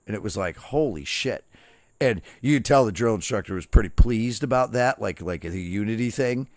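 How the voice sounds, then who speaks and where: A man's voice: lowish voice, expressive, moderate pace, dry recording. A man streaming and telling profane, rambling stories in a casual chat. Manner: profane, storytelling, barks quoted drill shouts.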